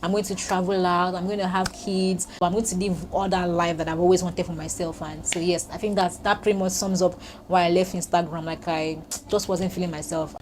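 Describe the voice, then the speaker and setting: A woman's voice: lowish voice, flat delivery, brisk, darkish tone, slight background noise. Chatty young woman vlogging to her phone. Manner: chatty and reflective, with many fillers like "like". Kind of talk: casual year-end vlog talk to camera. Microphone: phone camera.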